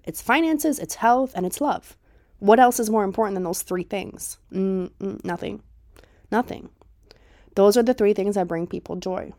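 A woman's voice: medium pitch, a little mellow, no echo, clean studio sound. A young woman hosting a manifestation podcast, talking emphatically in rhetorical questions and casual swearing. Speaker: podcast host, manifestation coach. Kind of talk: motivational podcast monologue.

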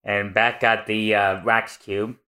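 A man's voice: on the low side, level tone, bright, forceful tone. A man co-hosting a podcast, casually recapping a comic in a loose, rambling way. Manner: slow and loose, trails into half-finished words. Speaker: podcast co-host.

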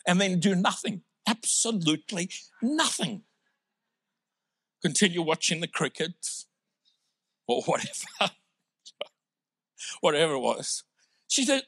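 A man's voice: on the high side, big pitch swings, a little slow, vocal fry, pauses often, fairly bright tone, husky, no echo, studio quality. A man from South Africa with a South African accent, preaching a sermon in a conversational, humorous way. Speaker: pastor.

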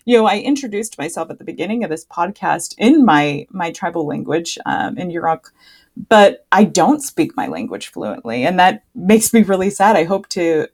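Reflective young woman guest, low voice. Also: normal speed, slightly rough. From United States. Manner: relaxed, reflective, with many fillers. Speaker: podcast guest, medical student. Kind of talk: casual conversation.

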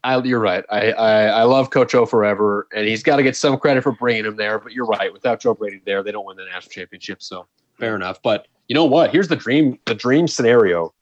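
A man's voice: on the low side, a little fast, dry recording. A man co-hosting a podcast, chatting casually about college football and often breaking into laughter and disbelief. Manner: animated, laughing, exclaims in disbelief. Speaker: podcast co-host. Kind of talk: casual sports chat. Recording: dull, slightly lo-fi dry sound.

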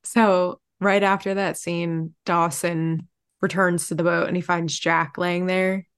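A woman co-hosting a podcast, recapping a TV episode in a relaxed, wry, casual chat. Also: on the low side, slow pace, smooth, dry recording, clean studio sound. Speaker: podcast co-host.

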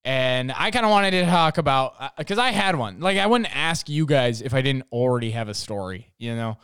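A man's voice: medium pitch, lively intonation, normal speed, a bit bright, smooth, dry recording, clean studio sound. A young man from North Dakota hosting a casual comedic monologue, rambling with lots of "like" fillers and acting out quotes. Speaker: podcast host.

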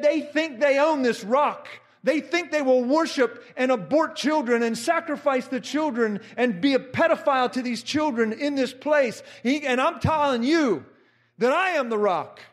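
A middle-aged man preaching a fervent sermon, repeating phrases and rising to shouts. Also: extremely high pitch.

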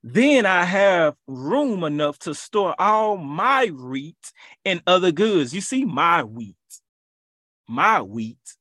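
Emphatic preacher man, lively pitch. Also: slow, no room sound, studio quality. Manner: emphatic, repetitive preaching with rhetorical questions. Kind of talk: sermon.

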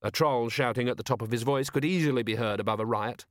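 A man narrating an audiobook in a measured, wry way. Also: mid-range voice, no echo, clean studio sound. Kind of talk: scripted narration.

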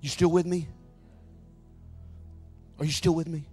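A middle-aged man preaching a sermon as pastor, stammering into repeats and building to near-shouting fervor. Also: on the high side, flat delivery, measured pace, breathy edge. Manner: repeats words when wound up, rises to near-shouting fervor. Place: large church. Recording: live sermon in reverberant hall with music.

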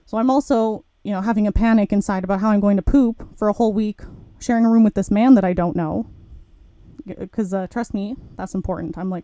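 Brief: woman host, candid storyteller, warm mellow voice, dry close sound. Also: medium pitch, a little fast, dry recording. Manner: candid, frank, swears casually. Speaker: podcast host.

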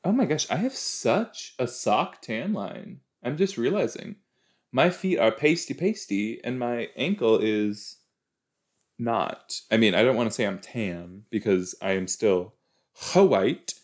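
With a mid-range, expressive voice and an unhurried delivery, the podcaster gives his casual take on a TV episode. He rambles chattily and keeps interrupting himself to exclaim.

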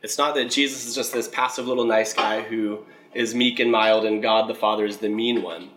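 A man's voice: lowish voice, steady tone, moderate pace, fairly bright tone, rough recording. Man teaching the Bible casually. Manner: conversational, asks "right?" often, reads scripture aloud.

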